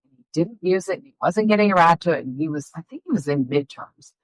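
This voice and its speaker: Middle-aged woman guest, deep-toned, chatty and rambling; dry, close recording. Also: a little fast, dry recording, poor audio. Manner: rambling, animated storytelling with fillers. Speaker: filmmaker guest. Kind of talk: casual interview chat.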